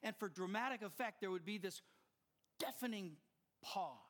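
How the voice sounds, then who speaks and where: An older man preaching a sermon as pastor, impassioned and swelling louder at the climaxes. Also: high voice, normal speed.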